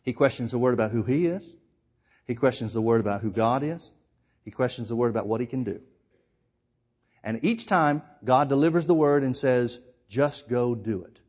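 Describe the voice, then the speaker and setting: A man preaching a sermon, emphatic, firing rhetorical questions and swinging between loud and hushed. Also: mid-range voice, animated, normal speed, pauses often, slightly rough.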